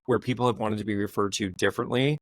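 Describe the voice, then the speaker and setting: A man's voice: lowish voice, fairly even intonation, fast talker, dry recording. A man hosting a podcast, chatting casually and animatedly in long run-on thoughts. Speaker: podcast host. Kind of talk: casual chat.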